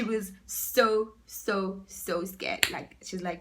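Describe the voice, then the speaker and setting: A woman's voice: medium pitch, takes it slowly, hardly any pauses. Chatty South African woman telling a story. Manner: chatty, switching between English and Zulu, animated with whispered asides. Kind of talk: casual storytime vlog.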